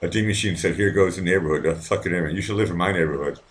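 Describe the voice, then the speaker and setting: A man's voice: sits low, racing. A man from Boston hosting a live call-in show from his apartment at night, rambling and swearing with lots of restarts. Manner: rambling, profane, many restarts. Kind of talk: casual live-stream talk with callers.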